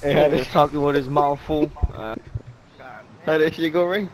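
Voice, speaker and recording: A young man playing an online shooter, talking fast slang and swearing, repeating every callout. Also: fairly high pitch, steady tone, poor audio. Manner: loud, repeats phrases, heavy slang and swearing. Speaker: gamer streaming a shooter. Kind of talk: excited gaming chat. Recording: loud game gunfire behind.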